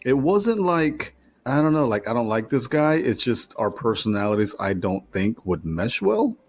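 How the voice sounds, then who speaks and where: A man's voice: medium pitch, very animated, normal speed, a little hiss or hum. A man co-hosting a casual podcast, rambling bluntly and swearing offhandedly. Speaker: podcast co-host. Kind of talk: casual chat.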